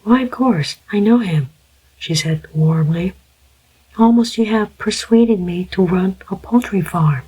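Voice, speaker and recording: A narrator raising the voice to play a warm, smiling young woman, as whispered role-play. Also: medium pitch, unhurried, husky, low-quality recording. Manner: warm, light.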